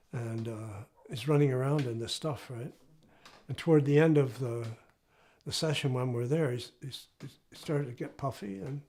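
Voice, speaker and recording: Medium in pitch and somewhat dark in tone, the voice belongs to an older man who once worked as a professor and is now retired. The Canadian tells a personal story loosely and anecdotally in an interview, with a habit of asking "right?".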